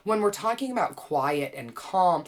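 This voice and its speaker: A woman teaching a well-being class, gently and playfully guiding listeners through calming exercises with easy laughs. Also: fairly low pitch, unhurried. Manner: playful, chatty, laughs easily. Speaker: wellness teacher and author.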